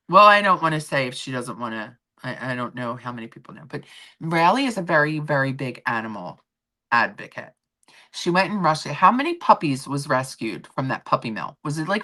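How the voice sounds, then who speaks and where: A woman's voice: low-pitched, pushed and bright. A middle-aged woman hosting a casual livestream, chatting in a rambling way and answering viewers' comments. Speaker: livestream host.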